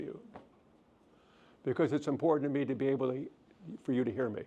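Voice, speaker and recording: A middle-aged man, a counselor, giving a relaxed lecture and answering audience questions in a gentle, self-deprecating way. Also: medium pitch, a little fast, pauses often, highs cut off. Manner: gentle, self-deprecating, thinks aloud with restarts. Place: lecture hall.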